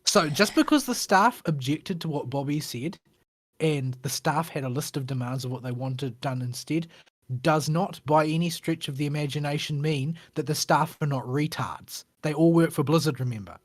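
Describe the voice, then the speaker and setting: A man with a slightly high voice, recorded dry with no room sound. He co-hosts a gaming podcast and talks bluntly, with lots of hesitant fillers. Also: normal speed, no echo. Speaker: podcast co-host. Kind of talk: casual chat.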